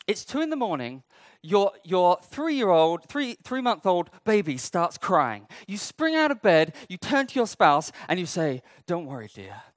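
A man's voice: high-pitched, no room sound. Guy preaching, chatty and funny, voice bounces all over, dry close sound. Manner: humorous, conversational, acting out quotes. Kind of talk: sermon.

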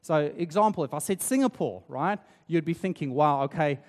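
A man from South Africa preaches in a relaxed, chatty way, often checking in with the room. His voice sits high for a man. It rings with the long reverb of a large church hall. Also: fairly quick. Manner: conversational, tag questions like "right?". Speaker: pastor. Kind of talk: sermon.

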